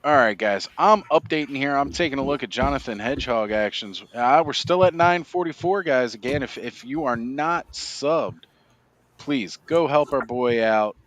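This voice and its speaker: Man, livestream host, casual chat, laid-back, laughs often, says "like", middle pitch, video call. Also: animated, normal speed, fairly bright tone, muffled recording.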